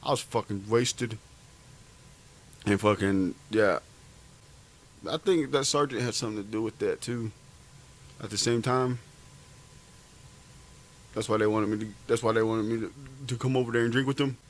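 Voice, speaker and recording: A man's voice: on the low side, steady tone, moderate pace, pauses often, poor audio. A man, an army veteran, telling stories in a profane, rambling, laughing way in casual chat.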